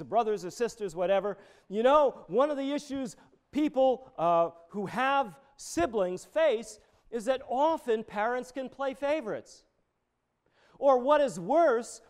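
A man's voice: extremely high pitch, clear, resonant tone. A middle-aged man, a pastor, preaching a conversational sermon full of personal stories.

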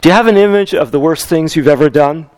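A man preaching a sermon in a conversational, animated way, repeating key lines for emphasis. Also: a little high, quick pace, no room sound, poor audio. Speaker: pastor.

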